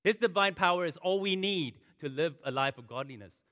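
A man's voice: a little high, lively intonation, brisk, fairly bright tone. A man preaching a sermon, impassioned and repeating phrases for emphasis. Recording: long reverb of a large hall.

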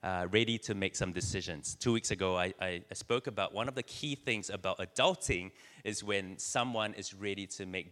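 A man's voice: sits low, sharp tone, big-room sound. A man giving a casual sermon to a church crowd, telling stories with many fillers and restarts. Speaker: church speaker. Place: church hall.

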